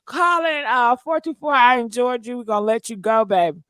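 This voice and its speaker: A high-pitched woman hosts a call-in show, talking in a sassy, profane way with frequent laughs. Her voice sits close and dry, with no room around it. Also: expressive, fairly quick, fairly bright tone, smooth, no room sound. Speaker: talk show host. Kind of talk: casual call-in chat.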